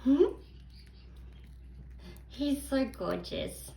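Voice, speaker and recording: A woman's voice: high-pitched, expressive, slow pace, long pauses. A woman cooing affectionate, sing-song baby talk to her pet parrot in a casual home vlog. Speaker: parrot owner. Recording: roomy echo, faint music.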